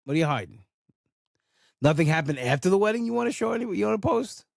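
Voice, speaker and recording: A man's voice: sits high, sing-song, quick pace, vocal fry, dry recording, studio quality. A man hosting a solo podcast, ranting in a blunt, casual way and swearing freely. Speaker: podcast host.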